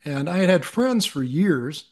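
A man's voice: fairly high pitch, very animated, measured pace, darkish tone. A middle-aged man, a podcast guest, telling a personal story in an earnest, reflective way, with frequent restarts.

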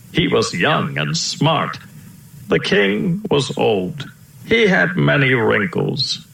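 A man reading a children's storybook aloud, slow and lilting. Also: mid-range voice, vocal fry, fairly bright tone. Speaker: storybook reader. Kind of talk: storybook read-aloud narration. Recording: roomy echo.

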